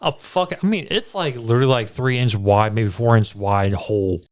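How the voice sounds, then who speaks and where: A man's voice: medium pitch, moderate pace. A man co-hosting a casual movie review podcast, retelling scenes in a laid-back, profane way. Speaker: podcast co-host.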